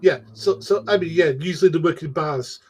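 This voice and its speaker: A man in casual podcast banter, speaking haltingly and repeating words. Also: on the high side, breathy edge. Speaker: podcast co-host.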